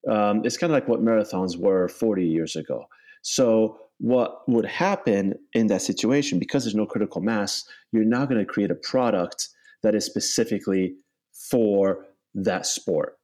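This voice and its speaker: A man's voice: on the low side, normal speed, darkish tone. A man as a company co-founder in a casual interview, talking in long loose runs full of "you know" and "right?". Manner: rambling, many "you know" and "right?" tags. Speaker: bike company co-founder, guest.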